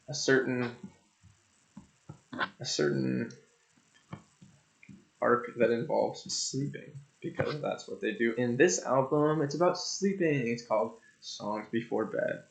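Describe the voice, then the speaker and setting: A man's voice: medium pitch, creaky. A young man casually reviewing an album on his channel, rambling and joking, with loose profanity. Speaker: music reviewer. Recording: echoey room, dull lo-fi sound.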